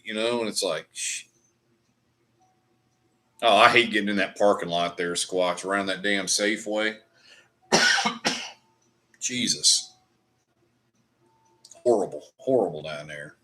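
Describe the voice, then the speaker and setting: A man's voice: lowish voice, takes it slowly, long pauses, bright, forceful tone. A middle-aged man hosting a livestream, chatting casually over whiskey in a rambling, profane ranting way. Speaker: livestream host. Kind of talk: casual chat while drinking whiskey.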